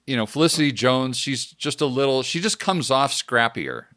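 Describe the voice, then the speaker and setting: A man co-hosting a film review podcast in casual chat, laughing often between quick asides. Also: mid-range voice, fairly bright tone, no echo, clean studio sound. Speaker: podcast co-host.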